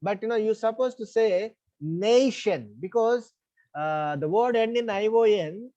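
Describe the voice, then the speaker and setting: A man's voice: sits high, normal speed, dark tone, lo-fi sound. A man with an Indian English accent teaching an online English class. He explains the rules step by step, repeats them, and checks that the students follow. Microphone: online class call.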